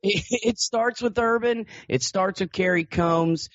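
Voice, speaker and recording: Animated man hosting a sports podcast. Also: high-pitched, a little slow, no echo. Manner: animated, laughing, emphatic. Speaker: podcast host. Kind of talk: casual sports podcast chat. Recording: dull lo-fi dry audio.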